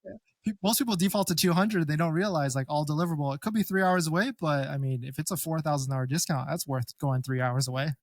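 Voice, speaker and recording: Brisk, upbeat man giving buying tips. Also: on the high side, no echo, studio quality. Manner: animated, quick explainer who acts out customers. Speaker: Tesla buying expert guest. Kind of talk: casual conversational advice.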